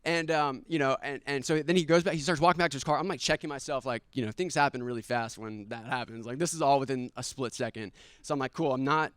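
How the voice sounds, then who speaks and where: A young man telling a personal story live, animated, laughing often and acting out quoted lines loudly. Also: medium pitch, fast, clean tone, dry recording.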